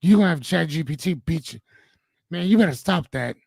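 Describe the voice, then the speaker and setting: Animated man hosting a joking live chat. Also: fairly high pitch, brisk, gravelly, breathy edge, dry recording. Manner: animated, joking, slangy, reads viewer comments. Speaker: host and coach. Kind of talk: live stream chat reading comments.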